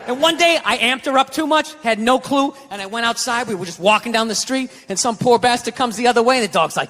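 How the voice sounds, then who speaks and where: An American man doing a stand-up routine, ranting and breaking into shouted outbursts. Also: very high voice, lively intonation, fast talker, few pauses, a little hiss or hum. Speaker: stand-up comedian. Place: theater stage. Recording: live venue reverb.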